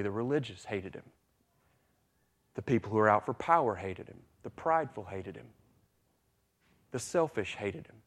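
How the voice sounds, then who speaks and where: A man preaching a sermon, repeating phrases for emphasis and swinging between hushed, quiet passages and loud, excited buildups. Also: medium pitch.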